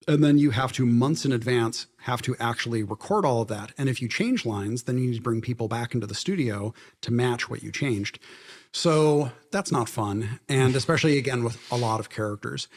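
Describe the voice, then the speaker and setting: A man being interviewed about making a game, explaining at length in a relaxed conversational way and laughing often. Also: medium pitch. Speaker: game director, interview guest. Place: university library event.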